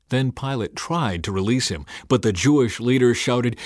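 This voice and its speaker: A man reading the Bible aloud in a scripted, expressive and dramatic way. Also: medium pitch, normal speed, hardly any pauses, dry recording, clean studio sound. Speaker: Bible reader.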